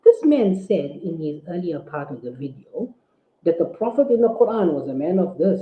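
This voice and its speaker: Man, Islamic scholar, forceful, rhetorical, phone-like audio. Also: sits high, very animated, normal speed. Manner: forceful, indignant, rhetorical questioning. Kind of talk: preaching rebuttal. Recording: tinny phone-like audio in an echoey room.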